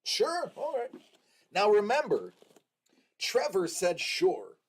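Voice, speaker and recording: Slow, lively-pitched male stream host. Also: breathy edge. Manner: unhurried, chatty, hesitant with many restarts. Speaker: livestream host. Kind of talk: casual livestream chat with viewers.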